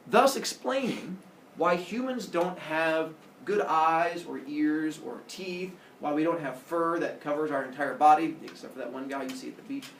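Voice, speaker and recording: Brief: jokey, animated male teacher; roomy classroom with faint background hum. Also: fairly high pitch, moderate pace. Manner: jokey, animated, teasing the students. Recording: echoey classroom.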